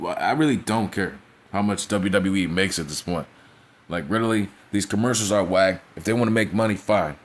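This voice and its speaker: A man with a lowish voice rants through a casual review, blunt and profane. He leans on slang and keeps tossing out quick asides to check that the listener is with him. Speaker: wrestling reviewer.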